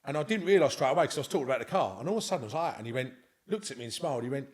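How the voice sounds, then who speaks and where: A man's voice: medium pitch, animated, rapid-fire. A man with a London accent tells a long personal anecdote as a podcast guest. His delivery is casual and heartfelt, circling back on itself as he goes. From Scotland. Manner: earnest, rambling anecdotal storyteller. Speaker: interview guest. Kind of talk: casual storytelling.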